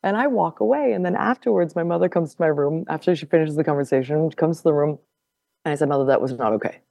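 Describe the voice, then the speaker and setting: A woman guest on a podcast telling a personal story in casual conversation. She is animated, laughs often and repeats words as she goes. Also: deep voice, quick pace, creaky, dry recording.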